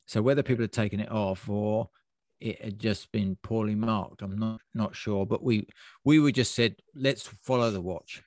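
A man's voice: lowish voice, steady tone, normal speed, a little mellow, dry recording, clean studio sound. A man casually recounting a long trail race on a podcast, rambling and easygoing with plenty of fillers. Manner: rambling, laid-back storytelling with fillers. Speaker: podcast host and ultra runner. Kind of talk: casual race recap chat.

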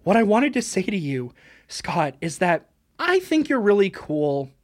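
A woman's voice: medium pitch, sing-song, unhurried, darkish tone. A woman co-hosting a podcast, playfully improvising a comedy scene. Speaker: podcast co-host.

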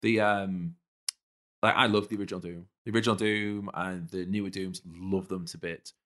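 A man with a low, deep voice co-hosts a casual podcast. He talks with eager enthusiasm, and his sentences wander and restart as he thinks aloud. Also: fairly even intonation, moderate pace, fairly bright tone. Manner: enthusiastic, rambling. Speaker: podcast co-host. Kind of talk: casual chat.

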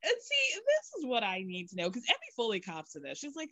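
A woman's voice: fairly high pitch, a little fast, dry recording. A woman co-hosting a podcast, recapping a show in casual chat and giggling often. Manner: giggly, animated storytelling with quoted voices. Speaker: podcast co-host.

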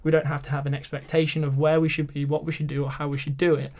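Chatty young British man, slightly high voice. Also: little pitch movement, fast, darkish tone. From Britain. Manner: chatty storyteller, lots of filler words. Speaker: podcast guest. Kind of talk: casual chat.

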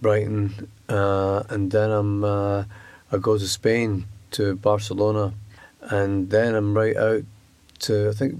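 A man answering interview questions in a hesitant way, with many pauses and fillers. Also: on the low side, flat delivery, a little mellow, dry recording. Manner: hesitant, lots of uh and um. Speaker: author guest.

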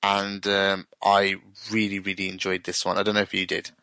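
Bright-voiced man, swearing freely. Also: low voice, moderate pace, dry recording. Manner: animated, swears freely, voice jumps up when amused. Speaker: podcast co-host. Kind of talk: casual chat reviewing TV episodes.

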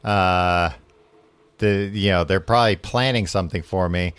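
A man's voice: deep voice, normal speed, a bit bright, clean tone, no echo. A man casually recapping a book on a podcast, rambling with lots of fillers and laughing often. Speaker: podcast host.

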